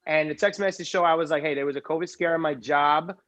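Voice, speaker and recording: Man, defensive rambler in a podcast argument, slightly high, flat dull audio. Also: fast. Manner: defensive, rambling, repeats himself. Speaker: podcast guest. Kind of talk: heated casual argument.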